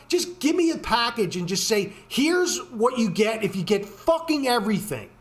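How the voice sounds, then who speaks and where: A man's voice: very high-pitched, very animated, normal speed. Profane, ranting man walking through charts. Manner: profane, ranting, frequent swearing and fillers. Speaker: trading video host. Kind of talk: casual screen-share walkthrough.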